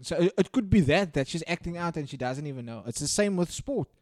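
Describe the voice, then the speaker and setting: Animated man, dry close sound. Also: on the high side, quick pace, no echo. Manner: animated, profane, rants with sudden loud bursts. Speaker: podcast co-host. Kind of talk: casual podcast chat.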